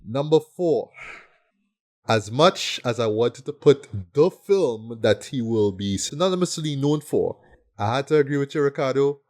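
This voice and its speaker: A man's voice: medium pitch, lively intonation, measured pace, darkish tone. Enthusiastic man reviewing horror films. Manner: enthusiastic, peppers talk with "right?". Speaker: podcast co-host. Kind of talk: casual film review chat.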